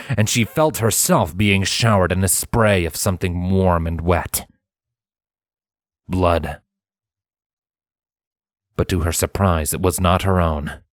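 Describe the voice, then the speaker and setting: A man reading a fan story aloud in dramatic, expressive audiobook narration. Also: deep voice, no echo. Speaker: fanfiction reader.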